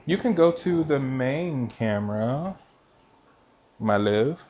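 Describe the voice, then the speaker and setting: Taking it slowly, a man chats casually while cooking on a livestream from a kitchen, talking to his viewers and reading their comments as he goes. His pitch is an ordinary middle, and he uses a noise-cancelling microphone.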